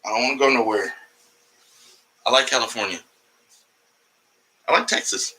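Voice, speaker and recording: A man's voice: medium pitch, normal speed, bright, forceful tone, poor audio. A man doing a casual, rambling comedy livestream from home, profane and jumping between topics, talking to his cat along the way. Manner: talks to his cat mid-stream.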